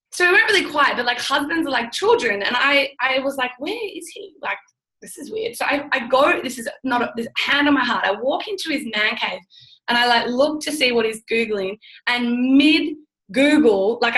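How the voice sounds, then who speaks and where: A young woman guest chatting excitedly on a live stream, full of gushing enthusiasm and quick restarts. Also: a little high, rough recording. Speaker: guest, network marketing business builder.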